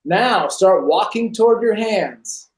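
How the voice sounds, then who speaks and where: A man from California, a podcast guest telling his personal testimony over a video call, lively and acting out scenes. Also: sits high, takes it slowly. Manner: animated storyteller, acts out scenes. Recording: roomy echo.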